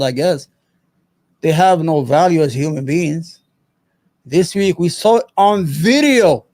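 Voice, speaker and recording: A man's voice: high voice, a little mellow. A man hosting his own show, giving angry, profane, emphatic political commentary. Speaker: show host.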